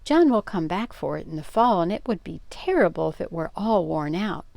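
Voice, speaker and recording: An older woman voicing a calm, practical tomboy girl in a storybook read-aloud. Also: on the low side, normal speed, vocal fry, dry recording. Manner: calm, sensible.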